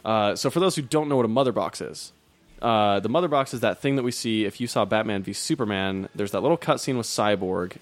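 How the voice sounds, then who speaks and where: A man co-hosting a casual podcast, joking around and reading news items aloud. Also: lowish voice. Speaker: podcast co-host. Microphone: podcast mic.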